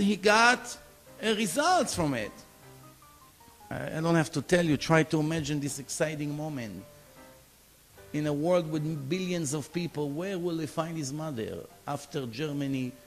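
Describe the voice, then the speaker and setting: A rabbi delivers a storytelling sermon in a man's voice that sits high. He narrates with animation, slipping into the voices of the people in his tale. Soft music lingers faintly in the background. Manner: animated storyteller acting out quoted dialogue.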